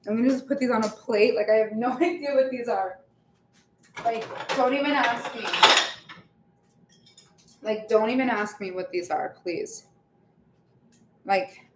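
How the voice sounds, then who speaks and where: A baking vlogger with a fairly high but darkish voice talks to her livestream audience at a measured pace, leaving long pauses. She laughs often and trails into fillers, recorded in an echoey home kitchen with faint ambience and slight background noise.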